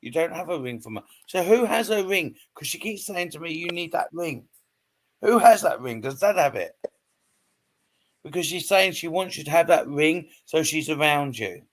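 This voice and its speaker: Brief: male medium, slightly high voice, hesitant, repeats himself, keeps checking in. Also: animated, normal speed. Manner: hesitant, repetitive, reassuring, frequent "okay?" checks. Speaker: psychic medium. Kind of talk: live online reading.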